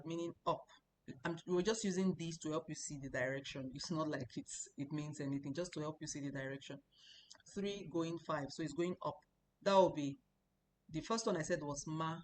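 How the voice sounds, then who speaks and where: A woman's voice: deep voice, normal speed, a little hiss or hum. A woman teaching a Chinese language lesson, explaining patiently and repeating sounds for practice. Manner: explanatory, repeats words for practice, chatty asides.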